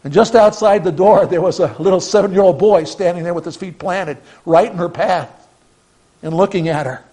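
High-voiced male pastor preaching earnestly. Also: normal speed, rough recording. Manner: earnest preaching, swings from emphatic to hushed. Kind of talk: sermon.

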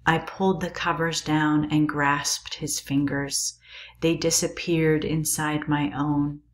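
A woman reading a novel aloud in a calm, measured, quiet way. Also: deep voice.

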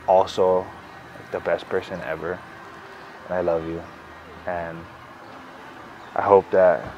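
Young guy, a touch low-voiced, recounting his love story with soft hesitations; faint room tone behind. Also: lo-fi sound, a little hiss or hum. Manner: halting, many "like" fillers, sincere. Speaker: groom-to-be interviewed for an engagement video. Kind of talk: casual storytelling interview.

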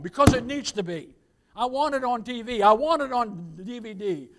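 A man preaching a sermon as pastor, with impassioned swells and quiet asides, quoting scripture in old-fashioned phrasing. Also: extremely high pitch, lively intonation, normal speed, background noise.

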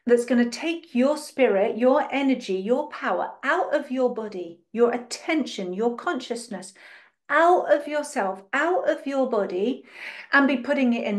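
Animated woman teaching spirituality. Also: a little high, unhurried. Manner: dramatizes and acts out other people's voices; lots of rhetorical questions.

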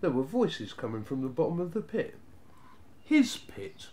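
A man narrating a children's storybook in a steady, even reading voice. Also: on the high side, a little fast.

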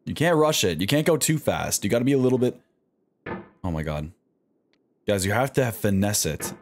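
At a normal speed and with a lowish voice, a man talks to himself while live-streaming his play. His commentary is animated and peppered with swearing as he urges himself on with every attempt.

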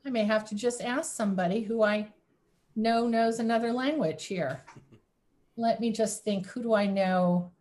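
Slow, gentle woman leading online service. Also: fairly high pitch. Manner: gentle, inviting, unhurried. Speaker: service leader. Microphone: video call.

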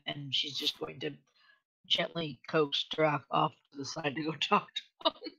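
A woman playing a tabletop game, chatting casually and speaking in character with a lively manner. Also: low voice, normal speed, gravelly, breathy edge, dull audio. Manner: lively, laughs easily. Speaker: player.

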